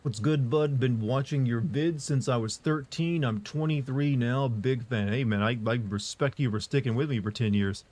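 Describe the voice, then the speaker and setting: Monotone man chatting on a livestream. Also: mid-range voice, normal speed, hardly any pauses. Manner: monotone, flat delivery; rambling with many fillers and restarts. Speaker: streamer answering live chat. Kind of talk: casual livestream chat.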